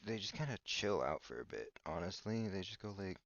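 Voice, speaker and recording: A man's voice: sits low, sing-song, fairly quick, vocal fry, fairly bright tone, no echo. A man hosting a podcast in a rambling comedic monologue, hesitant and full of fillers and restarts. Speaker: podcast host. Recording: dull lo-fi dry recording.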